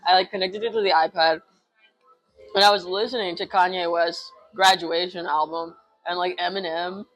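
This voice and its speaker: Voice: medium pitch, steady tone, moderate pace, a bit bright, rough recording. A young adult rapper speaking candidly as an interview guest, full of "like" fillers. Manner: candid, heavy use of "like" fillers. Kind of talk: casual interview chat.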